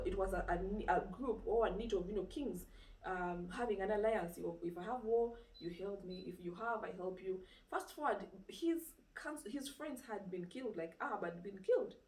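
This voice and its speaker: Speaking from well away from the microphone in a roomy-sounding space, a female preacher at medium pitch delivers an informal sermon. She retells a story with energy, leaning on rhetorical questions and frequent "you know".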